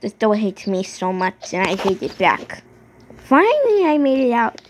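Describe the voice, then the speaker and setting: A woman's voice: mid-range voice, sing-song, normal speed, a little hiss or hum, low-quality recording. A woman chatting and rambling as she narrates a game role-play.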